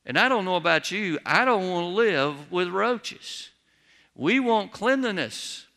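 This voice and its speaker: Pastor, man, slightly high and bright-toned, folksy storyteller with humor, sermon in a reverberant church. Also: expressive, a little slow, creaky. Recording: long reverb of a large hall.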